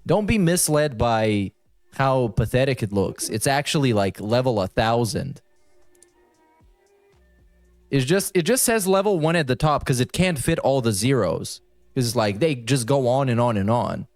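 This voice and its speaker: A man's voice: mid-range voice, lively intonation, normal speed, no echo, soft background music. A man reacting to a streamer's video with mocking, sarcastic commentary and casual swearing.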